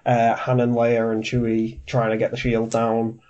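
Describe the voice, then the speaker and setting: Stuffy-nosed guy hosting a movie podcast, mellow voice, lots of uh and like. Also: mid-range voice, completely flat delivery, moderate pace, lo-fi sound. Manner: hesitant, restarts with "uh" and "like". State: stuffy and congested from a cold. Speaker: podcast host. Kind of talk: casual film-review chat.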